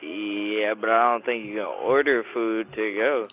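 A man picks up a call and answers with slow, unsure replies. His voice comes through a thin, phone-like line that strips away the fullness. He sits a touch lower in pitch than most men. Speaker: strip club staff answering a prank call.

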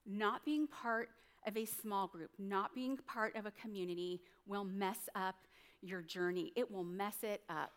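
A woman pastor with a medium-pitched voice preaches at a measured pace. Her sermon is conversational and story-driven, and she often checks in with the congregation using tag questions.

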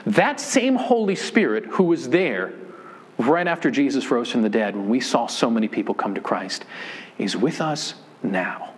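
A man preaching a sermon as a pastor, telling a story in a casual, conversational way that grows animated. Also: medium pitch, normal speed.

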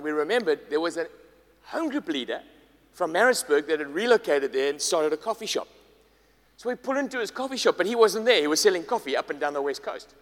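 A man, a pastor preaching a sermon, telling a story with lively acted-out dialogue. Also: high-pitched. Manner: animated, acts out quoted dialogue. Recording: long hall reverb.

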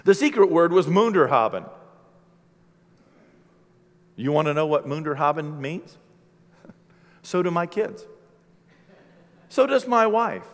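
Animated preacher with a fairly high voice. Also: male voice, slow pace, long pauses. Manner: animated, humorous storytelling. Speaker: pastor. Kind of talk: sermon. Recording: long hall reverb.

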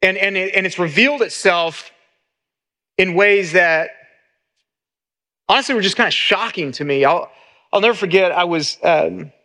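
Pastor, middle-aged man, earnest sermon delivery, high bright voice. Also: moderate pace, pauses often. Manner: earnest, repeats words as he restarts.

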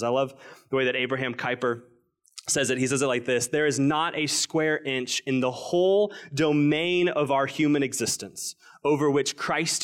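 Male pastor, 30s, earnest sermon delivery, slightly higher voice, quiet emphatic drops. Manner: earnest preaching, stretches key phrases slowly, drops quiet for emphasis.

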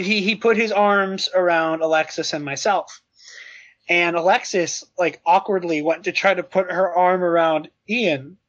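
A young man with a high, bright voice tells a story on a casual podcast, his voice lifting as he gets excited and breaking into laughter. The sound is a bit dull and lo-fi.

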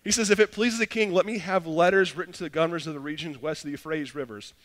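A middle-aged man preaching a sermon as a pastor, animated and acting out little dialogues in different voices. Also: a little high, quick pace. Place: church sanctuary. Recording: long hall reverb.

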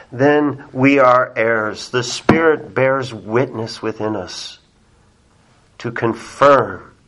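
A man preaching a sermon as pastor, emphatic, moving between loud calls and hushed, low passages. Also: low-quality recording.

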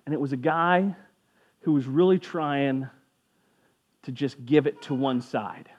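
A man's voice: medium pitch, unhurried, highs cut off. A man giving a casual sermon as a pastor, conversational and jokey, briefly acting out voices of people in the story.

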